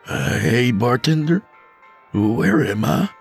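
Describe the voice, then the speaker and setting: A man's voice: sits low, lively intonation, unhurried, fairly bright tone, husky, soft background music, exaggerated voice. A man voicing a nervous, stammering modern young man lost in the old west. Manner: nervous, stammering, casual slang.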